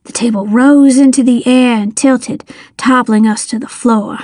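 Woman audiobook narrator, first-person story, slow measured pace, fairly high voice, dry close mic. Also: fairly even intonation, darkish tone, no echo.

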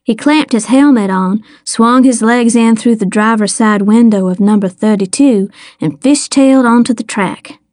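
A woman's voice: fairly high pitch, normal speed, few pauses, darkish tone, dry recording, clean studio sound. A woman narrating a first-person story in a vivid audiobook reading.

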